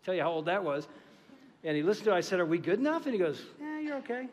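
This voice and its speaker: A middle-aged man preaches from a church stage in a fairly high voice. He tells a story with energy and acts out what each person in it said, and his voice rings out through a large hall with long reverb. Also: very fast. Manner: animated storytelling, acting out dialogue. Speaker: pastor. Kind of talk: sermon.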